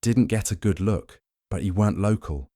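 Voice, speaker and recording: Man voicing a wary Yorkshire groundskeeper, thick Yorkshire accent, gruff and terse, low dark voice. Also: normal speed, no room sound, studio quality, close to an everyday voice. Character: wiry weathered male Yorkshire groundskeeper, wary.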